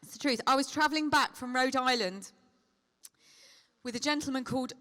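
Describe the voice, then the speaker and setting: A middle-aged woman answering fan questions at a convention, chatty and quick to call people darling while telling lively anecdotes. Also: high voice. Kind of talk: convention Q&A storytelling.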